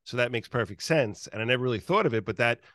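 Male interviewer, mid-pitch, enthusiastic, filler-heavy, dry recording. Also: lively intonation, fast talker, a bit bright, no room sound. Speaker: podcast host. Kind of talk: casual interview chat.

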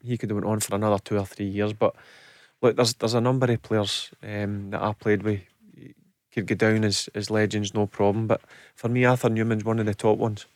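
A Scottish man, a former footballer, talking casually as a radio pundit, animated and often repeating his first words. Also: lowish voice, fairly quick, dry recording.

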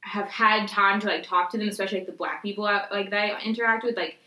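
An outspoken young woman talking frankly and cursing casually. Her voice is bright and forward. The room around her sounds echoey. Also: mid-range voice, steady tone, quick pace. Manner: blunt, outspoken, swears freely. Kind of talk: casual chat.

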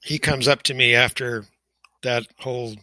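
An older man giving personal testimony as an interview guest, emotional and halting, with frequent pauses and fillers. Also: mid-range voice, steady tone, bright, forceful tone, dry recording, rough recording.

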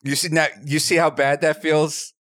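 A man hosting a comedy podcast, joking and riffing loudly, recorded over an online call mic. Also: fairly high pitch, normal speed. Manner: animated, loud bursts, jokey impressions. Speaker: podcast host.

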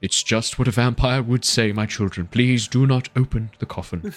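A man's voice: medium pitch, normal speed, loud music behind the voice, close to an everyday voice. A man voicing a grave, solemn priest who declaims his warnings.

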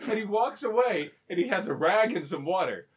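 A man with a high voice chats casually, telling animated stories. He acts out other people's lines and laughs often. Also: fairly quick. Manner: animated storyteller acting out quotes, laughing often. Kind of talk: casual chat.

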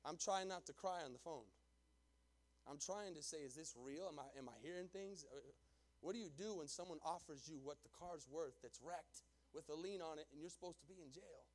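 A man preaching to his congregation in a fairly high voice. He tells his story with animated emphasis, dropping low and quiet for asides and then rising to loud declarations. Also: normal speed. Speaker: pastor. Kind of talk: storytelling sermon. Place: church sanctuary before a congregation.

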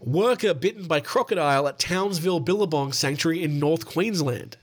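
A man's voice: fairly high pitch, moderate pace, slightly rough. Sweary Australian man reading stories. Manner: sweary, laughing asides, self-interrupting. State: tired. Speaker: podcast host. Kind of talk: casual podcast reading of news stories.

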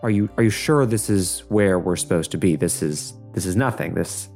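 A gloomy, doubtful young fish boy who stumbles and restarts as he speaks, voiced by a man in a very low register. Soft music plays faintly in the background. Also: moderate pace.

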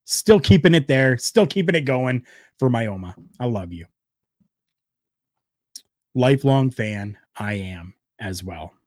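A man hosts a podcast in a casual, heartfelt way, his voice jumping from loud bursts to quiet, soft asides. His voice sits at an ordinary middle pitch. The sound is dry and close, with no room echo. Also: expressive, normal speed. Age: adult, former wrestler. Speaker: podcast host.

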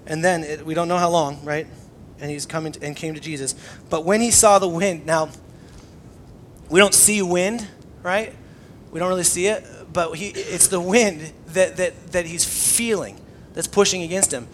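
A man's voice: fairly high pitch, moderate pace, slight background noise. A man preaching a conversational sermon, acting out scenes with lots of energy. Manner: conversational, animated, acts out scenes. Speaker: pastor.

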